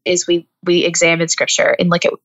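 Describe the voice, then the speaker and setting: A woman's voice: fairly low pitch, completely flat delivery, brisk, fairly bright tone, highs cut off. A woman author as a guest, explaining with earnest, thoughtful talk and light laughs. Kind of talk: faith-based podcast interview.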